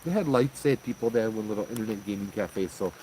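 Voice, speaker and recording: A man's voice: lowish voice, fast talker, slight background noise, rough recording. A man with a Hawaiian Pidgin-tinged accent, animatedly telling a ghost story in a casual, slangy way, often acting out what people said. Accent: Hawaiian Pidgin-tinged English. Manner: animated, slangy, lots of "I'm like". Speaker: host telling ghost stories.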